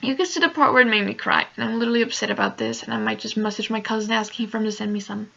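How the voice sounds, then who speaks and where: Upset young woman vlogging, gravelly voice. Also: a little high, animated, racing, pushed and bright, highs cut off. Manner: emotional, rambling, many "like" fillers. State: upset, close to tears. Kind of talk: casual storytelling vlog.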